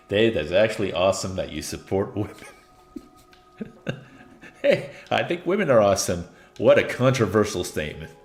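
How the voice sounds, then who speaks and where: A man's voice: lowish voice, animated, normal speed, long pauses, roomy sound. A man streaming a video game in casual commentary, chatty and joking, laughing often, with faint music behind. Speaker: gaming streamer.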